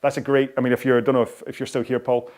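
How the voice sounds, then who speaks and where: A man's voice: medium pitch, little pitch movement, rapid-fire, darkish tone. A middle-aged man hosting a live rowing workout stream, chatting casually and rambling with lots of self-deprecating asides and laughs. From United Kingdom. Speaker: rowing coach and host.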